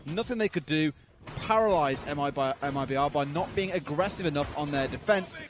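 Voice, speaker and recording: A man giving measured, analytical color commentary on an esports match, explaining tactics at length. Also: a little high.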